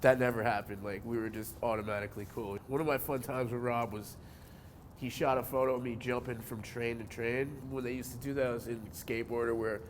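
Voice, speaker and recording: A pro skateboarder from New Jersey in his forties gives a casual interview in a laid-back, mid-pitched voice, speaking fairly quickly and cursing constantly. He gets animated when a story gets good, with a faint hiss in the background.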